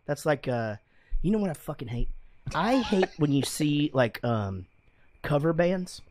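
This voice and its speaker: A man's voice: a little high, sing-song, a little slow, darkish tone, no room sound. A man hosting a podcast in casual, rambling chat, swearing often and laughing a lot. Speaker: podcast host. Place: studio room with guests.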